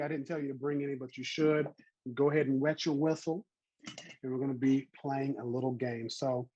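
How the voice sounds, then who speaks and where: A man's voice: mid-range voice, darkish tone, dry recording, dull audio. A man in his thirties with a Southern US accent, teaching an online botany class in a chatty, encouraging way over a video call. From American South.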